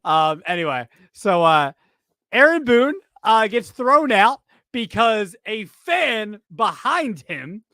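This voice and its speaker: A man's voice: sits high, big pitch swings, takes it slowly, sharp tone, dry recording. A man co-hosting a casual sports chat, rambling and interrupting himself with joking asides. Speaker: podcast co-host.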